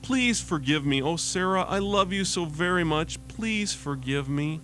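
A worn-out mother speaks in a raised voice, sharp and clipped, as a man puts her on. Her tone is tense and frayed, and she comes from a storytelling segment of a radio devotional show. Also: fairly high pitch, animated, a little slow, a little hiss or hum, pitched above the performer's own voice. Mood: remorseful. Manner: sharp and clipped, turning apologetic. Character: worn-out, stressed young mother, snappish then remorseful.

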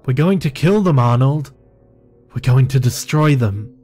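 A man's voice: mid-range voice, lively intonation, a little slow, dark tone, soft background music, voice pushed up, close to an everyday voice. A man reading aloud voices a cold, commanding and dangerous young woman in a horror story. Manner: commanding, intense.

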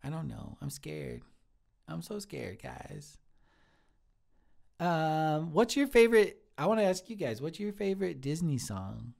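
In live-streamed improv, a man takes on the part of a bashful, kind restaurant cook in his thirties, using a slightly high, creaky voice at a moderate pace with few pauses. His character is earnest, easily flattered, and prone to rambling.

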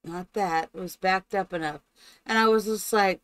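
A woman's voice: medium pitch, moderate pace, fairly bright tone, clear, resonant tone, no echo, poor audio. A woman streaming gameplay live, chatting along and talking fondly to her game characters, after opening with a spoken blessing.

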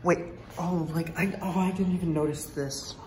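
A young woman vlogging in an indoor museum on a handheld phone, rambling and enthusiastic with many fillers, now and then dropping to a hush. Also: on the low side, steady tone, normal speed, crowd noise. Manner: drops to a hush at times. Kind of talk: excited vlog commentary.

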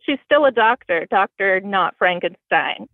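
This woman's phone-in call to a podcast comes through a tinny line with no room sound. She's from Bloomington, Indiana and has a Southern American accent. Her mid-range voice is expressive and measured, and she pokes fun at herself in a dry way.

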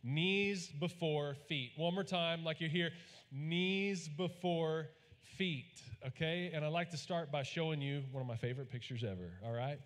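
A man from Texas, preaching a sermon in a folksy storytelling way and getting the congregation to repeat lines back. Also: mid-range voice. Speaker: pastor. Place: large church hall. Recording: long hall reverb.

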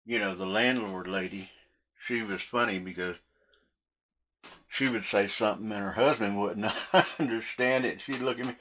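Chuckling low-voiced man rambling through stories. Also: normal speed, a bit bright. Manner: chatty, meandering, chuckles between sentences. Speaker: cooking vlogger. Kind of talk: rambling story told while cooking.

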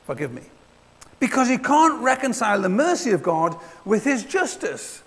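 A man's voice: extremely high pitch, very animated, moderate pace, a bit bright. A man preaching a sermon in a church hall, speaking in a conversational way and acting out little exchanges between people. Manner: conversational, acts out little dialogues.

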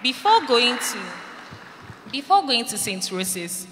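A woman's voice: a little high, big pitch swings, slow. Woman telling her story in a hall. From Ghana. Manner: earnest storytelling, acts out quoted lines. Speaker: speaker giving a testimony. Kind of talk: personal testimony to students. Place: large hall at a school event. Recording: reverberant hall, faint noise.

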